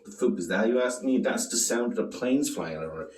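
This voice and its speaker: Profane joking man with lively pitch. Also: a little fast, echoey room, distant mic. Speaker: beer reviewer. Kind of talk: casual beer tasting vlog.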